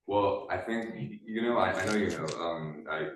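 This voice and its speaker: A man's voice: low voice, normal speed. A young man, a student, answering in a hesitant way, full of ums and trailing answers. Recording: echoey room with faint noise.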